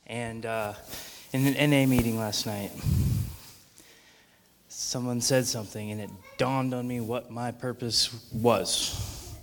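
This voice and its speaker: A man giving an earnest testimony in a halting way. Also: medium pitch, steady tone, creaky. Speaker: church member giving testimony. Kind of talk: spoken testimony. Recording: echoey hall with faint noise.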